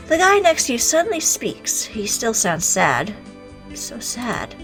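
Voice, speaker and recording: A woman reading a visual novel aloud, reacting with animated exclamations and the odd swear word. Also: on the high side, normal speed, soft background music. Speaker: game streamer.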